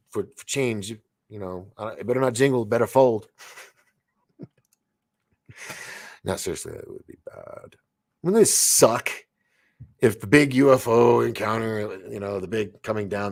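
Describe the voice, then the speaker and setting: A man in his forties hosting a late-night livestream, rambling excitably with stammering restarts as he reads viewer comments aloud. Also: lowish voice, vocal fry, no room sound, studio quality. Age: 40s. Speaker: livestream host.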